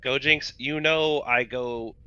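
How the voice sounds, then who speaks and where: A man's voice: medium pitch, steady tone, slow, pushed and bright, clear, resonant tone, no room sound. A man on a live gaming show, chatting casually and reading patch notes in a plain, matter-of-fact way. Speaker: news presenter on a gaming show. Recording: dull lo-fi mic.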